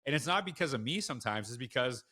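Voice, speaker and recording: A man's voice: mid-range voice, lively intonation, quick pace, sharp tone, husky. A man being interviewed as a school leader, telling stories frankly and emphatically in a conversational way. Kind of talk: conversational storytelling.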